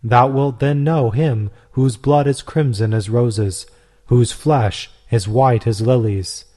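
A man's voice: mid-range voice, slow pace, warm tone. A man reading aloud, voicing a fervent young male Christian convert who speaks with solemn, earnest persuasion. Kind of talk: storybook reading.

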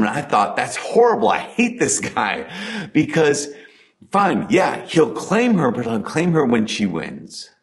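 A man giving a conversational sermon, talking earnestly and dropping to soft emphasis on key points. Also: on the low side. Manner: earnest, builds intensity then drops to soft emphasis. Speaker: preacher.

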